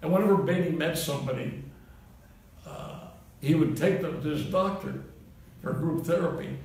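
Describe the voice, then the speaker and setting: Gravelly old man telling rambling stories. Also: fairly high pitch, normal speed, darkish tone. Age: 80s. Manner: chuckles at his own punchlines. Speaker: comedian. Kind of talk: rambling anecdotal monologue. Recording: roomy, distant mic, faint hiss.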